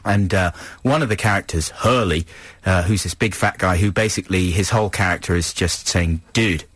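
A man's voice: deep voice, a little fast, a bit bright, breathy edge, dry recording. Rambling male radio host, dry studio sound. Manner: chatty, rambling, hesitant with filler words. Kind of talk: radio banter.

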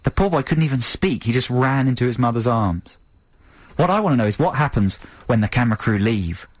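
A British man co-hosting a radio show, telling stories in a wry, animated way during casual banter. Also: mid-range voice, fairly quick, no echo. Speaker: radio co-host.

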